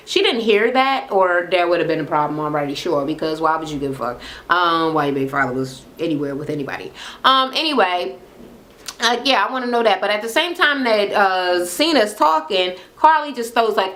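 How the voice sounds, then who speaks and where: A woman hosting a profane, casual reality TV recap, acting out what the cast said with big jumps in her voice. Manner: animated, acts out quotes with pitch jumps and laughs.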